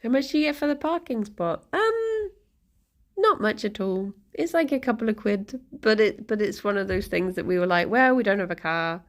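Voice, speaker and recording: A woman's voice: fairly high pitch, big pitch swings, normal speed. A young woman chatting casually on a live stream at home, rambling with lots of restarts and giggles. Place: home, sat on the floor with pet rabbits.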